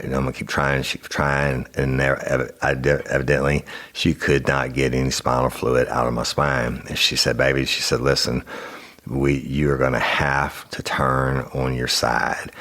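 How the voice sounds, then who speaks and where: A middle-aged man with an extremely low, deep voice. He tells a personal story in a blunt, profane, rambling way, full of restarts, like a podcast host talking straight to his listeners. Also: a bit bright. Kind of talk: casual storytelling.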